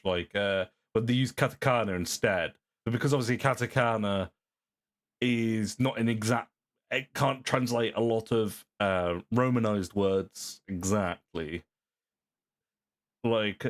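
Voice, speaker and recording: A man giving casual, rambling commentary on a video as a streamer, often repeating himself and calling the viewer "bro". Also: on the low side.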